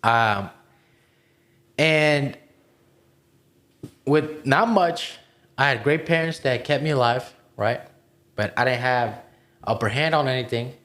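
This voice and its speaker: A man's voice: medium pitch, slow, long pauses, a bit bright. A man who came to the United States as an immigrant kid tells his own story as a podcast cohost, in an emphatic, motivational way, swearing and calling listeners "bro.". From immigrated to the United States as a child. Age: adult, past twenty-one. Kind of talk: candid personal story on a podcast.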